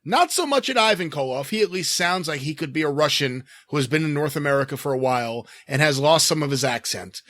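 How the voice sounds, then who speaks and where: Man, high voice, dry close mic, podcast co-host, sarcastic letter reading. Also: expressive, brisk, hardly any pauses, a bit bright, no echo. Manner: mocking, sarcastic delivery. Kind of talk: reading a listener email aloud.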